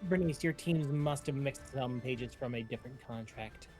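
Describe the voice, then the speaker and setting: A man voicing a slick male business executive who pushes a deal with smooth salesman patter. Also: medium pitch, normal speed, a little mellow, faint music behind, close to an everyday voice. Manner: smooth salesman patter, calls people baby.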